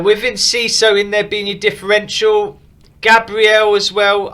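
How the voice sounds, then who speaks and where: A man's voice: sits high, sharp tone. A man casually reviewing and rating viewers' fantasy football teams, frank and opinionated but upbeat. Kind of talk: casual commentary.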